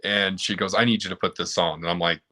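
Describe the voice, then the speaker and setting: A man's voice: deep voice, steady tone, fast, bright, forceful tone. A man, a mobile car technician, chatting casually and telling work stories where he acts out both himself and his customers. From Utah. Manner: storytelling, acts out both sides of customer exchanges. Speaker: mobile automotive technician, guest. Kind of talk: casual chat.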